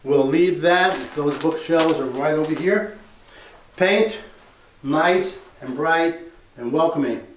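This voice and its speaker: Speaking slowly in a voice on the high side, this real estate investor gives an easygoing, plain-talking tour of the house he's fixing up, musing aloud room to room. A faint hiss or hum sits under the audio, and the bare interior echoes.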